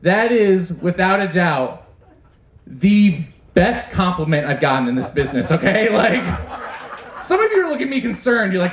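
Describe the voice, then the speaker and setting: A young man with a high, very animated voice does a crude, self-deprecating stand-up set on a club stage, talking straight to the crowd at a normal speed. The recording is roomy and dull, with audience laughter in the background.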